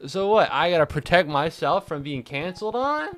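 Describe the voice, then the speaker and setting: A man streaming casually, sarcastic and swearing often, swinging from mock-angry rants to quiet deadpan asides, sounding tired and stressed. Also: on the high side, normal speed, few pauses. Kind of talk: casual live-stream chat.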